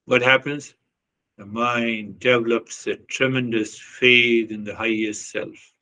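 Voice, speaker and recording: A man's voice: mid-range voice, steady tone, slow, sharp tone, poor audio. A man giving a reflective spiritual talk, earnest and repetitive, often questioning his listeners. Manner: earnest, repetitive, with short laughs and acted quotes. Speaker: spiritual teacher.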